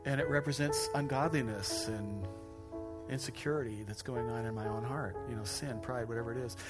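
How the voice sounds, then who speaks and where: A pastor preaching a sermon to a congregation, joking and self-deprecating with animated asides. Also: male voice, mid-range voice, a little fast. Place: church stage before a congregation. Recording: music playing behind the speaker.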